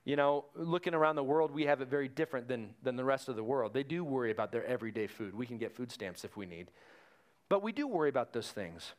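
A man's voice: mid-range voice, animated, fast. A man preaching a sermon in a conversational way, retelling Bible stories with energy. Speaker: pastor.

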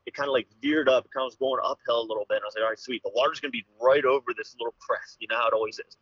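A man's voice: mid-range voice, steady tone, very fast, fairly bright tone, breathy edge, no room sound. A young man from Pennsylvania, a podcast guest telling a hunting story in a rambling, casual way, full of "dude" and "like.". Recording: slightly dull, lo-fi podcast audio.

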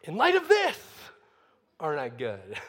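A man's voice: fairly high pitch, huge pitch swings, a bit bright, in a large hall, full character voice. A man voicing a self-satisfied Pharisee who drawls out his boasting. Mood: smug. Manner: slow, boastful self-praise. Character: smug male Pharisee, self-satisfied show-off.

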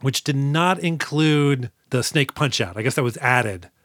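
A man's voice: mid-range voice, lively intonation, measured pace, a bit bright, no echo, clean studio sound. A man co-hosting a podcast, retelling movie scenes in rambling, profane casual chat. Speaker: podcast co-host.

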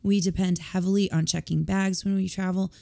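Croaky woman getting over a cold. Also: mid-range voice, level tone, fairly quick, dark tone. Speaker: podcast co-host. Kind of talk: casual chat.

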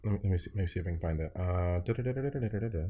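A man co-hosting a film review podcast, speaking haltingly and repeating words as he gathers his thoughts. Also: low voice, warm tone, a little hiss or hum. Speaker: podcast co-host. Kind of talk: casual film review chat.

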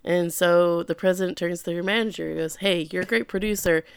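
Gravelly-voiced woman in casual chat. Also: fairly low pitch, steady tone, fairly quick, dry recording. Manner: playful, acts out characters' lines while recapping. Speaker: podcast co-host recapping an anime.

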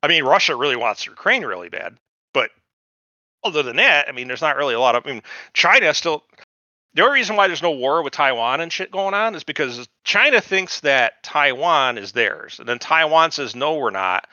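A man's voice: on the high side, very animated, fairly quick, bright, forceful tone, dry recording, muffled recording. A man from the United States co-hosting a podcast, rambling through casual chat with lots of profanity and digressions. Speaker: podcast co-host.

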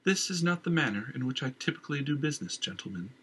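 A man reading an audiobook, voicing a cool, composed woman guild boss with a calm, purring, melodic manner. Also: mid-range voice, fast, slightly rough, pitched above the performer's own voice. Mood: coolly taunting.

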